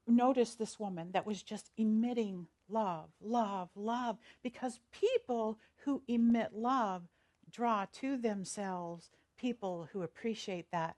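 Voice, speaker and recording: A woman's voice: mid-range voice, a little mellow. A woman minister, giving a chatty, storytelling sermon and laughing easily. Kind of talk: conversational sermon.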